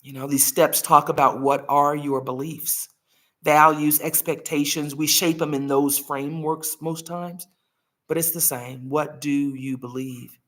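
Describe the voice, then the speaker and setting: A woman hosts a live healing talk, speaking earnestly and telling heartfelt stories. Her voice is bright and forceful. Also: low voice, steady tone, a little slow. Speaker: host.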